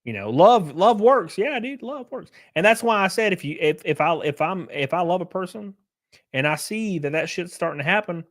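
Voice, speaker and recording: A man hosting a livestream, answering chat messages in a brash, profane, animated way. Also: high voice, moderate pace. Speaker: livestream host reading chat.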